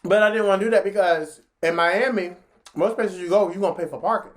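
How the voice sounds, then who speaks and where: A woman telling a story in a casual vlog, chatty and slangy, talking straight to her viewers. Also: fairly quick. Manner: animated, jumps into high pitch when acting out what people said.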